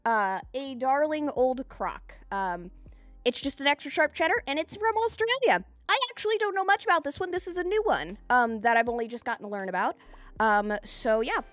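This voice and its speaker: A woman live-streaming from home, chatting casually and excitably with her viewers, giggling often and gushing thanks into a desk microphone. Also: high-pitched, moderate pace, no room sound, soft background music.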